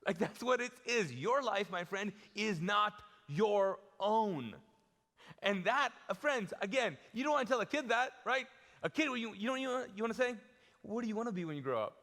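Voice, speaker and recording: Male pastor, slightly high voice, casual preaching with acted-out dialogue, live in a reverberant auditorium. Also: animated, moderate pace, pushed and bright. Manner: conversational, acts out quotes, self-deprecating asides. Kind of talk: live sermon. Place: large church auditorium. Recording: long hall reverb from a live church.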